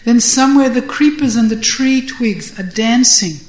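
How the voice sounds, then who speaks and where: A woman voicing a gentle young male cowherd who speaks softly and tenderly. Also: fairly high pitch, normal speed, roomy sound, natural voice, low-quality recording.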